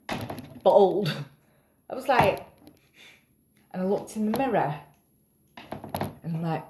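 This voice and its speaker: A woman's voice: medium pitch, lively intonation, slow, long pauses, mellow, echoey room, a little hiss or hum. A tired woman rambling in a casual vlog, self-mocking and swearing casually. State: tired after a night up. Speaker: vlogger.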